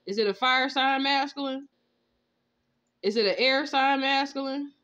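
A woman with a high, fairly bright voice speaks a little slowly over lo-fi sound. In a casual spiritual reading vlog, this tarot reader rants in disbelief, cursing a lot and bursting into laughter.

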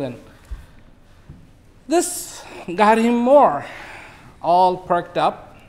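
Man, fifties, guest speaker, relaxed storyteller, slightly high voice. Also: slow, gravelly, pauses often. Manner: relaxed storyteller, acts out animals. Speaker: invited speaker. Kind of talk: speech with storytelling.

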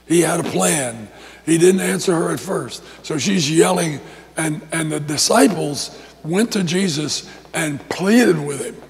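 A male pastor preaching in a church and telling his story with lots of repetition and quick restarts. His fairly high voice has a gravelly rasp, and a long hall reverb trails after his words. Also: crowd noise. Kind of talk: sermon.

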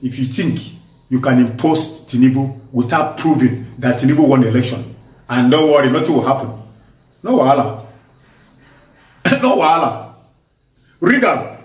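Fiery Nigerian man in an echoey room. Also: medium pitch. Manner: forceful, repetitive, emphatic, mixes in pidgin. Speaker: vlogger. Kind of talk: impassioned political commentary. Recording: echoey room, voice distant from mic.

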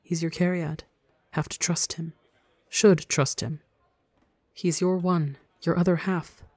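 A hushed inner voice that whispers soothing, insistent reassurance, as a reader puts it on. It comes from an audio story and is recorded close and dry. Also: medium pitch, level tone, slow, no echo.

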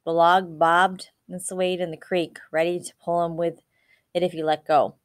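Woman, audiobook reader, steady storytelling, lowish voice, dry close mic. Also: normal speed, no echo. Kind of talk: reading a novel aloud.

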